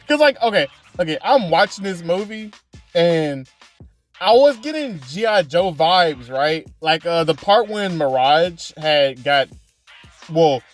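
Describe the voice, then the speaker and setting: Rambling, slangy young man reviewing a movie. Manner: rambling, slangy, with lots of fillers and profanity; jumps into excited high-pitched reenactments. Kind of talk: casual movie review vlog.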